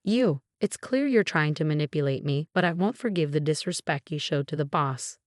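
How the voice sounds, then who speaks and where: A woman voicing a stern, loyal young male employee who scolds forcefully in a storybook video. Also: sits low, animated, normal speed, no echo, studio quality.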